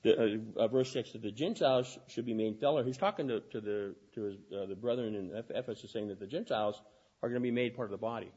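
A man preaching a sermon, talking fast and often restarting his phrases. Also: on the low side, warm tone, slightly rough, dull audio.

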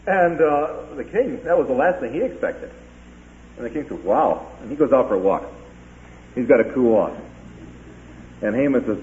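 A man delivers a sermon, telling the story with lively rises and falls in his voice and slipping into the characters' lines. The sound is thin and phone-like, as if played through a narrow, tinny line. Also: mid-range voice, normal speed. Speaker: preacher.

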